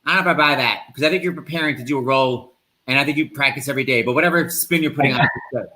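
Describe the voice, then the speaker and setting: Fast, bright-voiced man hosting a live stream. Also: medium pitch. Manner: quick, animated storytelling. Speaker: host. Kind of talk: casual chat on a live stream.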